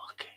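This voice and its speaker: A man hosting a fan live stream, ranting angrily with heavy swearing and arguing with his chat. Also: pushed and bright. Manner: heated, heavy swearing, combative. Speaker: fan show host reading live chat. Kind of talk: angry live-stream rant.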